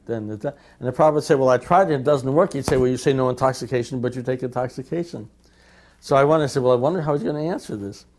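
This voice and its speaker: A man recounts old memories as a devotee, telling his story with energy and voicing the lines he quotes. His voice sits at an ordinary middle pitch. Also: fast, slight background noise. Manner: lively storyteller who acts out quoted lines. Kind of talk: personal anecdote telling.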